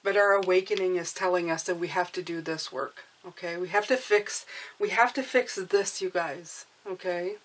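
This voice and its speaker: Woman tarot reader, earnest and coaxing, voice a little low, repeats check-ins. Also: normal speed, a bit bright. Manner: earnest, repeats "okay?" and "you guys"; emotional, coaxing. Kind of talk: spiritual tarot reading to camera.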